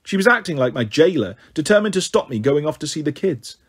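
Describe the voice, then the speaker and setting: Husky guy reading a kids' book out loud, steady narration, voice a bit high. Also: fairly quick. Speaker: storyteller. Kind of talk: reading a children's novel aloud.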